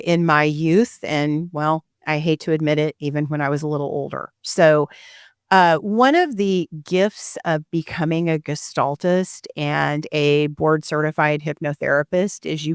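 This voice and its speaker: A woman's voice: deep voice, smooth, no room sound, studio quality. A middle-aged woman with a Missouri accent hosting a podcast, talking in a chatty, rambling way and laughing easily. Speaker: podcast host and photographer. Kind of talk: casual podcast chat.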